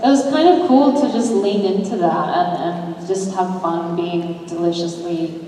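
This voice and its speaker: A woman's voice: lowish voice, a little slow, mellow, slight background noise. A woman, an actress on a fan convention panel, chatting casually and laughing easily. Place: large convention hall. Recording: echoey hall, distant fan recording.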